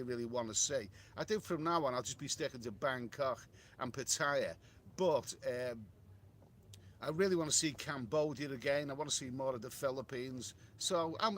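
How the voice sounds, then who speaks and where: A man's voice: a little high, fairly bright tone. A middle-aged man hosting a casual live stream, reading viewer comments aloud and answering in a rambling way, with many repeated words and restarts. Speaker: travel livestream host reading viewer chat. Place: hotel room.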